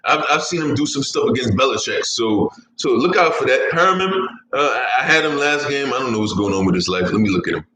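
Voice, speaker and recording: Fast-talking and expressive, a podcast host with a bright, forceful mid-range voice barely pauses as he chats casually about fantasy sports. He curses freely, laughs at his own jokes, and rambles, all in an echoey room with faint ambience.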